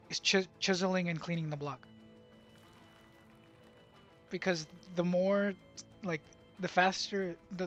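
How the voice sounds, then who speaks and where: A man's voice: on the high side, dull audio. A young man telling a confusing story from his job site in a casual, rambling way, full of fillers and restarts. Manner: bilingual, speaks Spanish at work. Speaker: vlogger.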